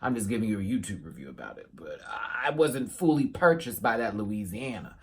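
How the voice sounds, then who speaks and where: A man giving a casual reaction review to his viewers, animated and sassy, with playful asides. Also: fairly low pitch, brisk, slightly rough. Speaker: YouTube reviewer.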